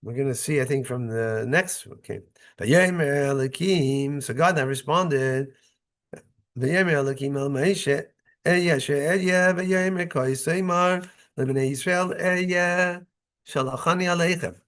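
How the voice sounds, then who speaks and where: A man's voice: fairly high pitch, a little slow, fairly bright tone. A man leads a Torah study class as its rabbi. He reads a verse phrase by phrase and explains each one in a conversational, step-by-step way, often checking in with his listeners. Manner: reads short Hebrew phrases, then explains in English; conversational, checks in with "right?" and "okay?". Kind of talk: Torah study lesson, reading verses and translating.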